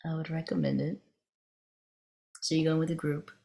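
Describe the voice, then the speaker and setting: A woman teacher gives a dharma talk in a relaxed, meandering way, often circling back and restarting her sentences. Her voice sits low and carries a gravelly fry. She speaks as if telling a story to a room of students. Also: a little fast. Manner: conversational, meandering, with frequent restarts. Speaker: meditation teacher.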